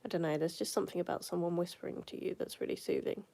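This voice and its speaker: A woman's voice: lowish voice, steady tone, very fast, vocal fry, dark tone. A woman live streaming, chatting in a rambling way and now and then dropping into a whisper. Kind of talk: casual live-stream chat.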